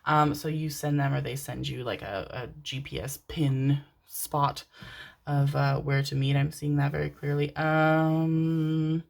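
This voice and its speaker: Young woman, low voice, casual rambling tarot reader, laughs easily. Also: level tone, measured pace, creaky, a little mellow. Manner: rambling, chatty, laughs and swears. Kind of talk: casual pick-a-card reading.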